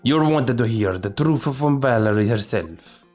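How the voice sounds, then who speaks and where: Young woman lawyer, earnest and probing, animated pitch, as a man reads her. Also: unhurried, faint music behind, lightly acted. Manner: careful, probing questions. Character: young, earnest female defense attorney.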